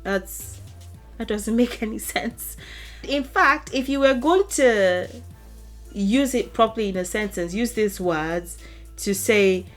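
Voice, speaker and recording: A woman giving a casual language lesson to camera. She speaks deliberately, repeats example phrases with stretched emphasis and laughs lightly between points. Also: mid-range voice. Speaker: language teacher.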